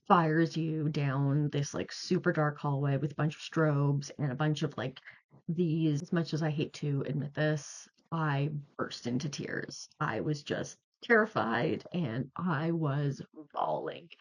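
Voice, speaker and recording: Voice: mid-range voice, measured pace. A young adult video creator telling a story in a casual, chatty way, rambling and full of "like". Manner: rambling, chatty, heavy use of "like". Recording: slightly muffled lo-fi audio.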